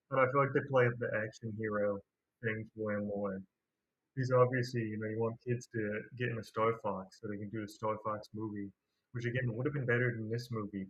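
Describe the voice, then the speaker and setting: A man's voice: medium pitch, slightly rough. A man hosting a casual movie review video, rambling and slangy with a sarcastic streak. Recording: dull lo-fi recording.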